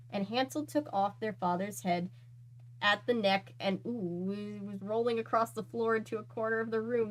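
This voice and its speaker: Woman reading a dark fairy tale aloud. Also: mid-range voice, low-quality recording. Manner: earnest, breaks off to react. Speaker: channel host reading aloud.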